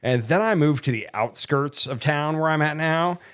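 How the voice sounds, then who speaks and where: A man's voice: a little high, moderate pace, fairly bright tone, clean tone. A man from Ohio co-hosting a casual podcast, telling rambling stories that trail off with "so, anyhow.". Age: adult dad. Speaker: podcast co-host. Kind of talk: casual chat.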